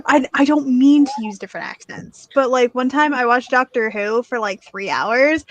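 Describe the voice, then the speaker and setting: High-voiced woman chatting with animated laughs. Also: normal speed, hardly any pauses, no room sound, rough recording. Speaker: stream guest. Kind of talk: casual chat.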